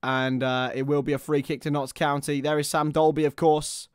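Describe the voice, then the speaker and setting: A man giving live football commentary, chatty with listeners and bursting into shouts at chances and goals. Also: fairly high pitch, flat delivery, moderate pace, smooth, no echo, clean studio sound.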